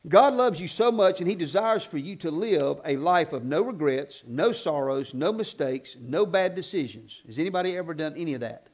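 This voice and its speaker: High-voiced folksy preacher man. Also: lively intonation, moderate pace, hardly any pauses. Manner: folksy and conversational, rising to loud emphatic preaching. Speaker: pastor. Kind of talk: sermon. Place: church sanctuary.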